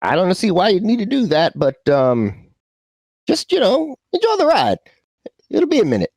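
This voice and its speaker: A man's voice: high-pitched, huge pitch swings, normal speed, darkish tone, no echo, voice pushed up, heavily acted. A man voicing a brash, folksy male submarine pilot who brushes off worries in a tabletop game. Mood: nonchalant. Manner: folksy, bossy, nonchalant.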